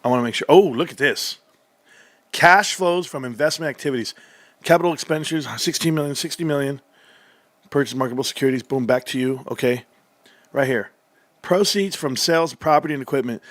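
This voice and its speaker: A man hosting a livestream, reading through financial reports with excitable commentary that swings from muttering to yelling, his voice going hoarse. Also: medium pitch, a little fast, dry recording. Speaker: livestream host.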